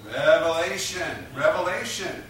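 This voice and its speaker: A man's voice: on the high side, measured pace, fairly bright tone. A man preaching a sermon, emphatic and repetitive, drawing responses from his congregation. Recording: echoey room picked up from a distance.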